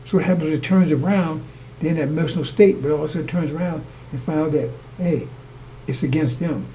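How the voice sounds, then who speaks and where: A man's voice: a little high, fast talker, mellow, slight background noise. A man preaching a sermon, talking in circles and checking with his brothers and sisters that they follow. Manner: repetitive, asks listeners to follow along; addresses congregation as brothers and sisters.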